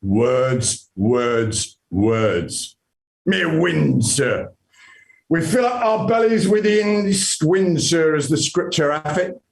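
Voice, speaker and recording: An actor playing a humble, chatty palace guard in Elizabethan stage acting, folksy and deferential. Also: male voice, fairly high pitch, expressive, slow, creaky, reverberant, exaggerated voice, rough recording. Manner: deferential, folksy, keeps calling the other man sir.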